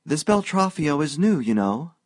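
A man's voice: a little high, big pitch swings, moderate pace, pitched above the performer's own voice. A man voicing a reserved older society lady. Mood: polite. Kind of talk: audiobook reading.

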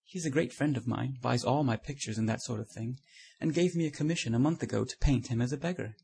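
A man's voice: medium pitch, quick pace, vocal fry, darkish tone, breathy edge. A man reading the part of a witty society painter who teases his friend, in a breezy, amused way. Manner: breezy, teasing.

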